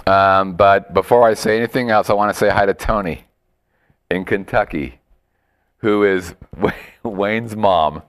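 A man's voice: lowish voice, measured pace. A man hosting a casual web show, joking around and laughing with his co-host. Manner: joking, animated, breaks into laughter and silly voices. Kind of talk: casual chat.

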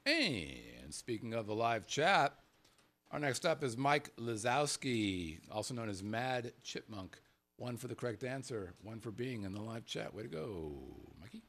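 A podcast co-host with a medium-pitched voice reads out listener names at a measured pace. His banter is playful and animated, occasionally dropping into murmured asides.

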